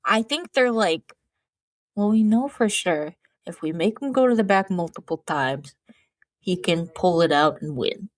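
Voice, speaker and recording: A woman's voice: on the low side, lively intonation, a little slow, no room sound. A young woman co-hosting a comedic sports podcast, telling stories in a wry, conspiratorial way. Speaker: podcast co-host. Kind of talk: casual comedic sports chat.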